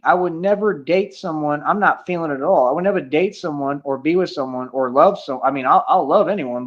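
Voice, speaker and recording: A man's voice: on the high side, highs cut off. Indignant man ranting on a stream. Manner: indignant, repetitive, confrontational. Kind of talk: livestream rant.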